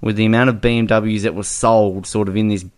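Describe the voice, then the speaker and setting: Animated man reviewing a film. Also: fairly low pitch, brisk. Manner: animated, laughs often while retelling scenes. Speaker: podcast co-host. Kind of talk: casual movie review chat.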